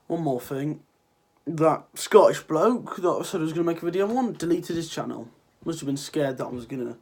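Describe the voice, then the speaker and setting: A teen vlogger from Ireland, sick with a cold, sniffles as he delivers a rambling, sarcastic rant to viewers, swearing freely in a casual vlog. His voice is fairly high, a little mellow and slightly rough, at normal speed.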